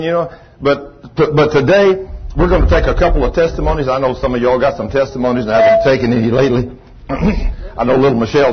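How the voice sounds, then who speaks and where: Through dull audio comes a man's medium-pitched voice as he tells stories in a sermon. He's a pastor, lively and laughing, with a folksy Southern way of putting things.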